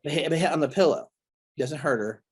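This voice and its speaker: A male pastor telling stories in an interview, earnest and animated, often restarting his sentences. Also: fairly high pitch, a little fast, husky. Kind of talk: recalled storytelling interview.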